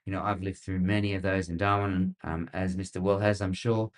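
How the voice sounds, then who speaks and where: Sarcastic Australian man, low voice. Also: fairly even intonation, a little fast. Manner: sarcastic, rambling, many fillers. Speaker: weather podcast host. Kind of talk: casual commentary.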